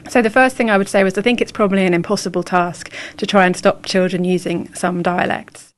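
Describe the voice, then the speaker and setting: A woman's voice: mid-range voice, fairly even intonation, fairly quick. A woman commenting as an expert, explaining things in a matter-of-fact way.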